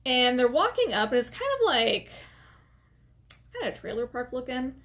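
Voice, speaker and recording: Woman doing a casual movie recap, kinda high voice, rambly and expressive. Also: moderate pace. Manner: chatty and expressive, with lots of filler words and asides. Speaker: movie reviewer.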